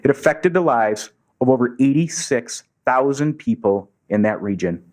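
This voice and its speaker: A man's voice: medium pitch, animated, moderate pace, darkish tone. A man giving an earnest storytelling speech to a club audience in a meeting room, acting out the voices of people he quotes. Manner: earnest, acts out quoted dialogue. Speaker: Rotary district governor giving a speech.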